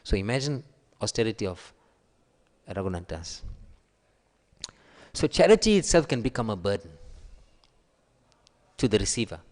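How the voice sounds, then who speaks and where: A man giving a sermon, telling stories and acting out the quoted voices with a raised pitch. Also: sing-song, moderate pace, long pauses, a little mellow. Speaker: preacher. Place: temple hall. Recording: long hall reverb.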